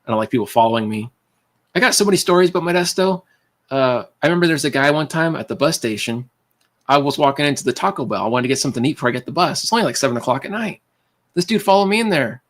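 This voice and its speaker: A man's voice: fairly high pitch, expressive, very fast. Rambling, laid-back man chatting on a stream. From California. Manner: rambling, laughs often, calls people man and dude. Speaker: livestream host. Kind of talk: casual chat with viewers.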